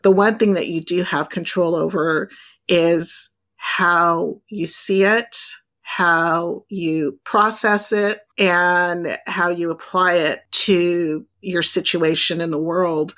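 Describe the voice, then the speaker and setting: A woman hosting an interview, speaking in a measured, thoughtful and affirming way. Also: on the low side, steady tone, a bit bright. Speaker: host. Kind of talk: interview conversation.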